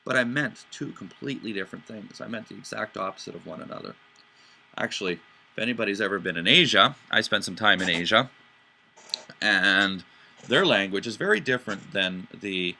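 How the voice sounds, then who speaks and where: A man hosts a podcast and explains things in a loose, conversational way. His voice sits low but comes across bright and forceful. He is animated, often doing quick voices and inflections, and trips into restarts along the way. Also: gravelly, slight background noise. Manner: animated, acts out voices and inflections to make points; frequent fillers and restarts. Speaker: podcast host. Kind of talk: casual explanatory talk.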